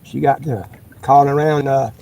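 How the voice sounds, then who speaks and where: A man's voice: medium pitch, fairly even intonation, normal speed, vocal fry, highs cut off. A middle-aged man, chatting in a rambling, folksy way while paddling a kayak outdoors, recorded on a phone. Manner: rambling, folksy, many restarts. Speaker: vlogger. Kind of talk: casual live-stream chat. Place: kayak on a windy lake outdoors. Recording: loud wind noise on a phone.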